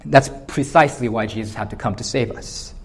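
A man's voice: medium pitch, brisk, slight background noise. A male pastor preaching an expository sermon, lifting his voice on emphatic points.

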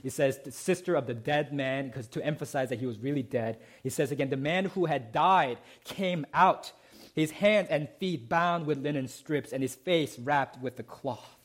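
A man preaching a sermon, who often asks the congregation "right?" and moves between emphatic climbs and soft, low passages. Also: moderate pace, hardly any pauses. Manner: rising to emphatic peaks, then dropping soft and low. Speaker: pastor.

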